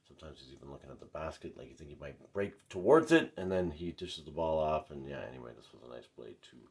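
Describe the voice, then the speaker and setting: A man's voice: a bass voice, big pitch swings, fast, a little mellow. A middle-aged man giving a casual, rambling recap of a basketball game as a frustrated fan, full of fillers and asides. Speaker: fan commentator. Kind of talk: casual sports recap vlog.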